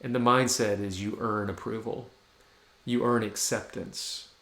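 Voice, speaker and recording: A man's voice: on the low side, steady tone, measured pace, gravelly, a bit bright. A man pastor giving a reflective, conversational sermon in a church. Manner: reflective, conversational preaching with restarts. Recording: echoey room.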